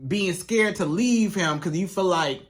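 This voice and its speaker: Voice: medium pitch, a little slow. A relationship coach giving casual, emphatic advice straight to the viewer, repeating points for stress. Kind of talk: casual advice monologue to camera.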